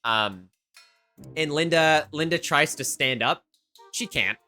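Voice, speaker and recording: A woman's voice: deep voice, animated, takes it slowly, sharp tone, faint music behind. A woman narrating a tabletop game as game master, casual and loose with lots of fillers. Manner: casual, many fillers, laughs often.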